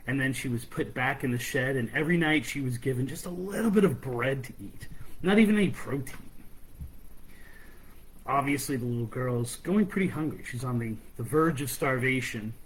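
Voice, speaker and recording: Male podcast host, casual storyteller, husky voice. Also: mid-range voice, low-quality recording. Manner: chatty, conversational retelling.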